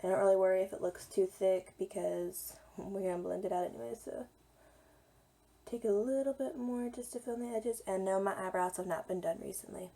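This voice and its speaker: A young woman, slightly hoarse today, chatting casually through a makeup tutorial as she applies it. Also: medium pitch, fairly quick, dark tone. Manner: chatty, talks while applying makeup. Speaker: beauty vlogger.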